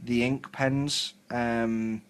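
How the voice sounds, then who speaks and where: A man's voice: mid-range voice, flat delivery, very slow, clean tone. A man from England with a southern English accent, chatting casually on a hobby live stream while painting miniatures at home, rambling and full of fillers.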